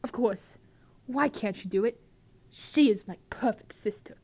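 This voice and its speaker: A woman's voice: fairly high pitch, measured pace, warm tone. A woman voicing a bitter, resentful middle-aged aunt in a comedic script reading.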